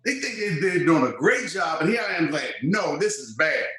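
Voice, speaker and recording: A man's voice: fairly high pitch, moderate pace. Guy in his 50s telling old game stories, acts out the voices, echoey room. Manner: animated storyteller, acts out quoted voices. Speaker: former football player, guest. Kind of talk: storytelling interview. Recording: roomy echo.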